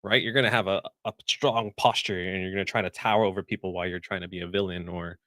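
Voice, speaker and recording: Podcast host, man, lowish voice, eager and rambling, close dry mic. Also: steady tone, fast, sharp tone, no echo. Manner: enthusiastic, rambling storyteller. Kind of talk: casual panel chat.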